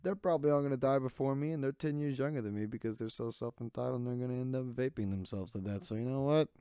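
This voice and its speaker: A man's voice: medium pitch, fast, dark tone, clear, resonant tone, dry recording, studio quality. A young man hosting a podcast on his own, talking in a rambling, sarcastic way and jumping from one tangent to the next in a small room. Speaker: podcast host. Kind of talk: casual solo podcast rant. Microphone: desk microphone.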